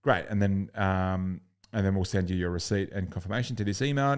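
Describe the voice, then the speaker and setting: A man's voice: deep voice, steady tone, brisk, smooth. A man coaching sales in a recorded lesson, blunt and upbeat, swearing casually and acting out customer calls.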